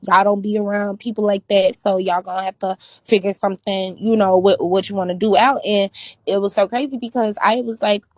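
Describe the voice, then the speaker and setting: A woman's voice: mid-range voice, brisk, no room sound. A woman from New Orleans telling stories in casual chat, acting out the voices of the people she quotes. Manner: animated storytelling, acts out quoted voices. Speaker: guest.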